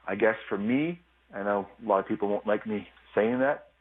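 A former hockey player calling in as a radio guest, telling stories in a relaxed, easygoing way with lots of fillers. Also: male voice, on the low side, brisk, a little hiss or hum. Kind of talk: casual phone interview. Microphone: phone line. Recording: tinny phone line.

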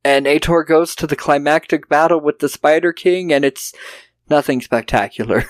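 A man with a fairly high voice recaps a movie on a podcast, cursing freely and putting on the characters' lines for laughs. The sound is dry and close, with no room around it. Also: moderate pace, no echo. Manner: profane, jokey, acts out characters' lines. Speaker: podcast co-host. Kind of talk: casual film review chat.

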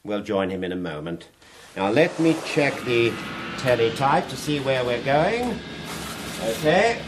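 A silky, taunting fire captain. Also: male voice, medium pitch, big pitch swings, unhurried, noisy background. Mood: coaxing. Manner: silky, taunting, quotes verse at length. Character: sly, mocking fire captain, middle-aged man. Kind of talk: radio drama acting.

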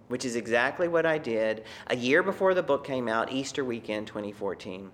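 Wry, lively-voiced male storyteller from Texas. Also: medium pitch, normal speed, hardly any pauses. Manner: reflective, conversational, wry asides. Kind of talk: live personal storytelling.

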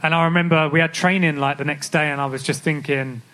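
A man's voice: on the high side, fairly even intonation, quick pace, bright, forceful tone. A young adult man, a professional footballer, answering candidly on a live podcast stage and often restarting his sentences. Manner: candid, reflective, frequent restarts. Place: live stage event at a club.

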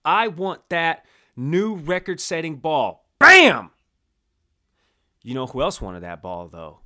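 Animated bright-voiced male sports co-host. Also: fairly high pitch, slow. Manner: animated, playful storytelling. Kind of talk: casual sports talk.

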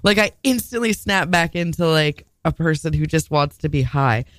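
A woman's voice: low-pitched, expressive, moderate pace, dry recording. A woman telling a rambling, self-mocking story in casual radio chat.

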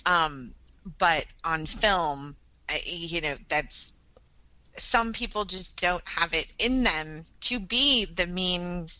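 A woman's voice: on the low side, animated, takes it slowly, pushed and bright, dry recording, rough recording. A woman co-hosting a podcast, telling stories in a chatty, amused way. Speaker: podcast co-host. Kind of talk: casual podcast chat.

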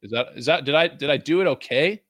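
Bright, blunt guy ranting. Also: on the high side, fast, dry recording, clean studio sound. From Vancouver, Canada. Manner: profane, rambling, animated, laughs often. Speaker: podcast host. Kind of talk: casual podcast rant.

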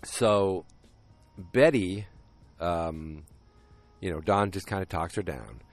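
A man casually recapping a TV episode with a deep voice and rambling, jokey asides. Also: slow pace, no room sound, faint music behind.

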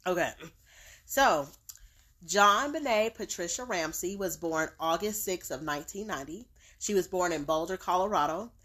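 A woman hosting a podcast in casual, upbeat chat, full of "like" and quick reactions. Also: lowish voice, lively intonation, fairly bright tone. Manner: chatty and upbeat, peppered with "like". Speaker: podcast host.

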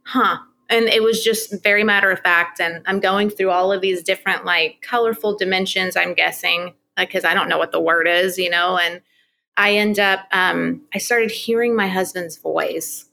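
A woman's voice: mid-range voice, pushed and bright. A woman in her thirties, a podcast guest, candidly telling a personal story in a rambling way, full of "like" and restarts.

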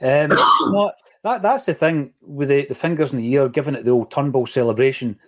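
A Scottish man in middle age hosts a football podcast, talking through his opinions casually with quick asides. His voice sits at an ordinary middle pitch for a man. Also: fairly bright tone. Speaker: podcast host.

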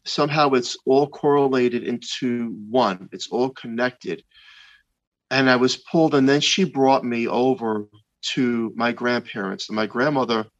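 Man in his fifties, earnest halting storyteller, mid pitch, slightly muffled recording. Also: fairly bright tone. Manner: slow, halting, earnest retelling with many restarts. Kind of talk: personal testimony of a near-death experience.

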